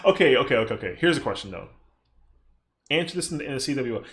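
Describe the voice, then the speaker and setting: A man's voice: mid-range voice, expressive, quick pace, pauses often, a bit bright. A young man chatting casually on a stream, rambling, swearing freely and acting out other people's lines in exaggerated voices.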